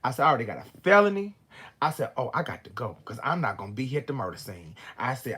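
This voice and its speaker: Animated man telling a profane story. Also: mid-range voice, brisk. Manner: animated, profane, acts out both sides of an argument. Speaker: vlogger telling a personal story. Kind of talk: casual storytelling to camera.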